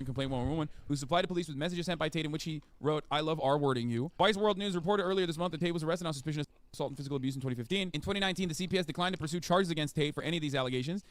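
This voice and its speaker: Fast-talking, excitable male streamer. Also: on the high side, no echo. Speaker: streamer commentator. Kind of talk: reaction commentary, reading articles aloud.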